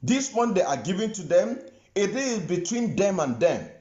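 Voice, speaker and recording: Emphatic Nigerian man, lively high voice. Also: normal speed. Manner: emphatic, repeats lines for weight. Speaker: political commentator. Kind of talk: impassioned political commentary. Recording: roomy, dull lo-fi recording.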